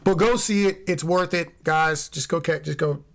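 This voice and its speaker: Guy with a gravelly kinda high-ish voice, chatty and jokey, reviewing movies on a podcast. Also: moderate pace. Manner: animated, jokey, tries out impressions. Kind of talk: casual chat.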